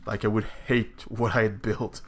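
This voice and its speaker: A man's voice: fairly low pitch, level tone, normal speed, a little hiss or hum. A man streaming a building game, talking over his play in a hesitant, reflective way with many restarts. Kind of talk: casual live-stream chat while building.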